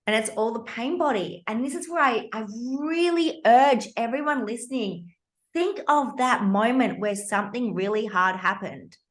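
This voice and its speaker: An Australian woman in her fifties hosting a podcast, telling a personal story in an animated, emphatic and blunt way. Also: on the high side, moderate pace. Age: 50s. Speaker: podcast host.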